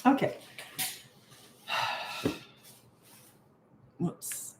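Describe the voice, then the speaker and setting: A woman's voice: drawn-out words, echoey room, slight background noise. A middle-aged woman, a parenting coach, chatting and rambling casually on a live-stream Q&A, self-deprecating.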